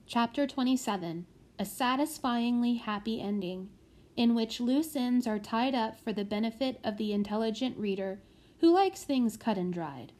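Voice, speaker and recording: A woman narrating a children's audiobook in a measured way. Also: a little high, animated, a little mellow. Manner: measured, with small slips corrected.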